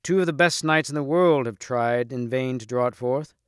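A man's voice: medium pitch, normal speed, clear, resonant tone, no echo, clean studio sound, natural voice. A man voicing a stately medieval king who speaks in a grave, ceremonial way for a storybook reading. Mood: solemn.

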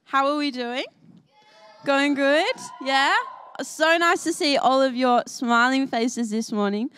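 A woman's voice: high voice, slow pace, fairly bright tone, dry recording. Bubbly young woman leading kids' church. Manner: bubbly, asks the children lots of questions. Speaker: children's church leader. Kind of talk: kids' sermon. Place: church service.

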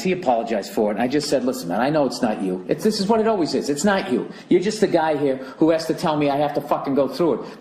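A man's voice: a little high, a little mellow, slight background noise. A man from the United States telling a profane, sarcastic story in a heated rant on his podcast. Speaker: comedian podcaster. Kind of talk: ranting podcast monologue.

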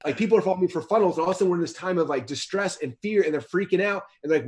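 A man's voice: sits high, racing, hardly any pauses, darkish tone. A man in his thirties, a guest author in a casual interview, talking in a rambling way with many restarts and repeated words.

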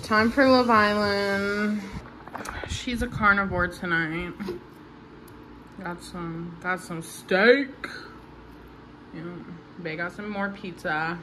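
A woman's voice: medium pitch, slow pace, pauses often, background noise. A young woman chatting casually in a personal vlog, candid and loose, swearing now and then. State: out of breath after a workout. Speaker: vlogger.

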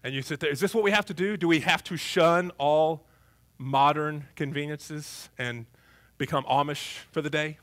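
A man preaching a sermon as pastor in a church, humorous and conversational with an animated delivery. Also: a little high, moderate pace. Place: church, before a congregation.

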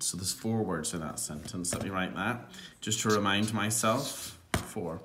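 A man teaching a phonics lesson to young children, encouraging them and sounding out words clearly. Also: low-pitched, unhurried, a bit bright, a little hiss or hum.

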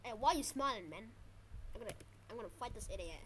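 A woman giving live gameplay commentary, excitable and panicky, shouting during fights and repeating words quickly when flustered. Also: a little high, slight background noise. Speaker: gaming channel host.

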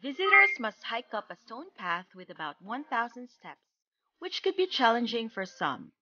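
A woman reading a scripted travel voice-over in a measured, informative guide tone. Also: on the high side, sing-song, lo-fi sound, noisy background. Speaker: travel vlogger.

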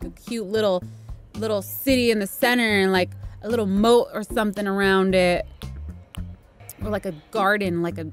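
A young woman hosting a gameplay video, giggling and gushing with excitement as she plays. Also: medium pitch. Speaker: gaming video host.

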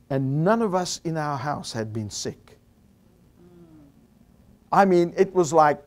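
Animated South African man preaching. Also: fairly high pitch. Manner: animated, rising to shouts at climaxes. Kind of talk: storytelling sermon. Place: Bible college meeting hall with audience.

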